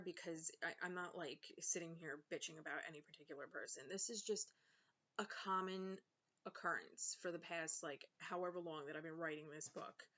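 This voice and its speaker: A woman's voice: fairly low pitch, fairly bright tone. A young woman venting in a casual vlog, sarcastic and exasperated, with lots of fillers. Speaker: vlogger and author. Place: home. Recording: slightly dull lo-fi sound.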